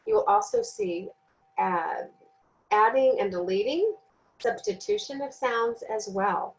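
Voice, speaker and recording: A woman giving a recorded training lesson, speaking slowly and deliberately and sounding out words syllable by syllable. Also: a little high, big pitch swings, creaky, dull audio. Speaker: teacher trainer.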